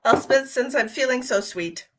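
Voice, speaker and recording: A woman's voice: sits high, expressive, moderate pace, noisy background. A woman who works as a psychic medium, chatting casually with viewers on her live stream. She is playful, laughs often and calls people sweetheart and honey.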